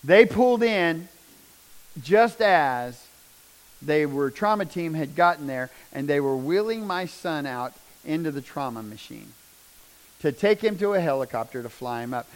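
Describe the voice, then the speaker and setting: A middle-aged man telling a personal testimony as a father, his telling raw and intense and swinging from hushed to loud. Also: fairly high pitch, animated, a little slow. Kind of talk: emotional personal testimony storytelling.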